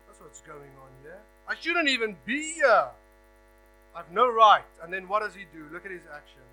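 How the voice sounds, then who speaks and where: A man preaching a sermon as a guest preacher, emphatic, swinging between a hush and raised stress, often repeating words as he builds a point. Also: sits high, expressive, fairly quick, faint music behind, rough recording. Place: church hall. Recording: faint mains hum.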